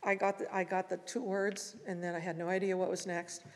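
A woman giving a reflective talk at a morning service and reciting poetry, gentle and unhurried, with long pauses between phrases. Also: lowish voice, level tone. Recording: reverberant hall.

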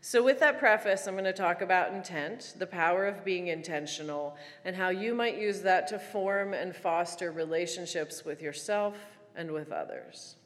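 A woman giving a prepared reflective talk, telling stories in a wry, animated way with dramatic pauses. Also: on the low side. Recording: long reverb of a large hall.

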